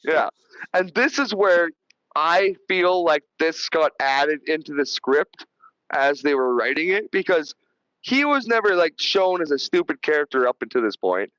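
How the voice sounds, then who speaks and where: A man's voice: fairly high pitch, lively intonation, measured pace, fairly bright tone, clean tone, no room sound, muffled recording. A man hosting a podcast, rambling through a casual movie review with lots of swearing and restarts. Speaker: podcast host.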